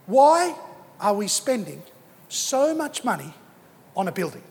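Very high-voiced preaching man. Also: very animated, measured pace, pauses often. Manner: emphatic, repeats key phrases, acts out quoted people. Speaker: pastor. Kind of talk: sermon. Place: church auditorium. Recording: long reverb from a large hall.

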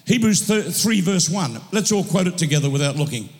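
Gravelly high-voiced preacher shouting in a hall. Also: male voice, expressive. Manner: impassioned, shouting declarations, then drawn-out teaching. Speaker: pastor. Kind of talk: sermon. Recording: echoey hall reverb.

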